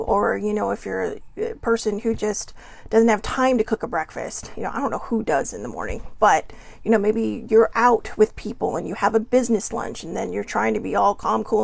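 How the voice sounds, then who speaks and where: A woman hosts her show in a relaxed, chatty way, poking fun at herself and throwing rhetorical questions at the listener. Her fairly high voice has a gravelly fry to it. The sound is dry and close. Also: no echo. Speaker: host. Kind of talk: casual motivational talk.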